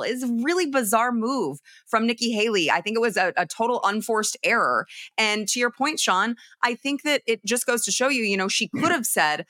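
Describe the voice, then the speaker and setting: Bright-voiced wry female commentator. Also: on the high side, expressive, moderate pace, few pauses, no room sound, clean studio sound. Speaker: political commentator guest. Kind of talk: political talk show discussion.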